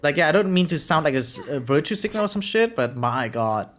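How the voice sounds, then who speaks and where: A man's voice: a little high, big pitch swings, brisk, a bit bright, a little hiss or hum. Chatty German-accented man streaming. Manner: rambling, chatty, frequent "right?" tags. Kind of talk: casual live-stream chat while gaming.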